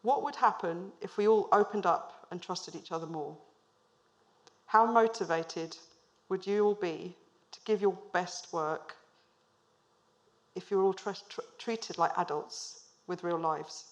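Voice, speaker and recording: A woman with a fairly low voice talks a little slowly as she gives a storytelling business presentation on stage. She's a managing director in her thirties who asks the live audience questions, keeping the humor light.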